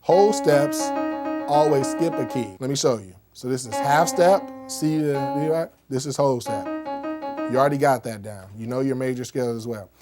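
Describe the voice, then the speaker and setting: A man speaks at a normal pace in a mid-range voice, teaching music in an easygoing, conversational style. Demonstrating on a keyboard as he goes, he often pauses to ask "okay?" or "right?".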